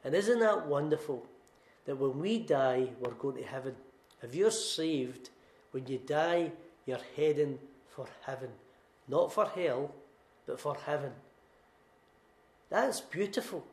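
Man, Scottish accent, middle-aged pastor, emphatic sermon, higher-pitched voice, echoey room. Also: lively intonation, slow pace, pauses often, a little mellow. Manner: earnest, emphatic storytelling with repeated phrases.

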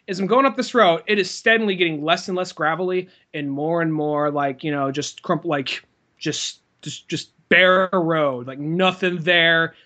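Podcast co-host, male, high-pitched, rambling storyteller who loses words and swears. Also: bright, forceful tone. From California. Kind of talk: casual chat.

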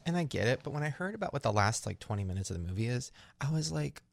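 Male podcast host, blunt and joking, lively gravelly delivery, dry close sound. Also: medium pitch, fast, dry recording. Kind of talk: casual chat.

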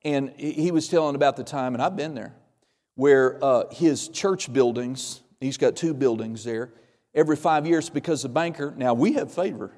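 A man's voice: mid-range voice, normal speed, a little mellow. Man preaching in a reverberant hall. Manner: storytelling, acts out quoted voices, emphatic. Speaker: pastor. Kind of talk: sermon.

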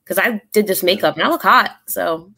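A woman with a bright, sharp voice, joking and upbeat as a guest on a casual podcast. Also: medium pitch, a little fast, creaky.

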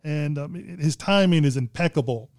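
A man's voice: on the high side, moderate pace, a little mellow, dry recording, studio quality. A man co-hosting a casual film chat, rambling and hesitant, with many restarts. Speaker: podcast co-host discussing films.

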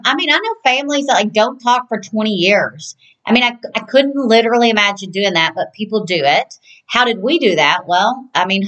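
A woman's voice: medium pitch, fairly bright tone, low-quality recording. Female podcast co-host, casual rambling storyteller. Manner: chatty, rambling, restarts often.

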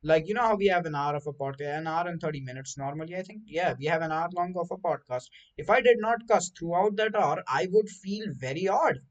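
A man hosting a casual podcast, with a voice a little high for a man. He rambles from one thing to the next, animated and loose, swearing freely as he talks. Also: brisk, few pauses, lo-fi sound. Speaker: podcast host. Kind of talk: casual chat.

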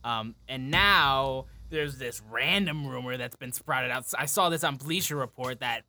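A young man co-hosting a casual wrestling chat, recapping shows excitably. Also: mid-range voice, a little slow, no room sound. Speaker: podcast co-host.

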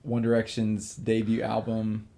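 A man's voice: on the low side, completely flat delivery, a little slow, gravelly, mellow. A young man in his twenties, a band member guest, telling stories animatedly and laughing often. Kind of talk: casual chat.

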